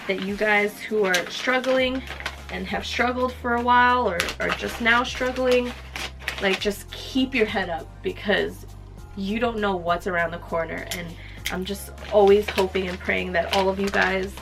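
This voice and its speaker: A young woman in her twenties talks casually as she wraps gifts. She sounds heartfelt and chatty, with her sentences full of little fillers. Quiet music plays faintly underneath. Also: mid-range voice. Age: 20s. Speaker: lifestyle vlogger. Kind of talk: casual chat while wrapping gifts.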